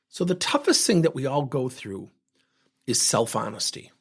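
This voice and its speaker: A middle-aged man telling workplace stories and acting out both sides of the conversations in an animated way. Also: medium pitch, moderate pace, slightly rough. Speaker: host. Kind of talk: storytelling talk on communication.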